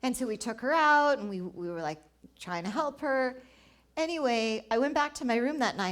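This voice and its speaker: A woman's voice: fairly high pitch, lively intonation, normal speed, a bit bright. A woman telling personal travel stories at a live event, acting out dialogue and laughing often. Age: 40s. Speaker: travel writer and speaker. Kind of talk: storytelling talk at a live event.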